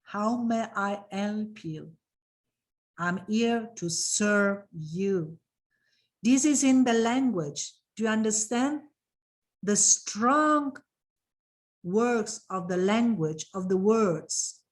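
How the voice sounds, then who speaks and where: Slow, emphatic woman trainer. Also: medium pitch, animated. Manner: emphatic, repeats phrases, emotional about her subject. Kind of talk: online training session.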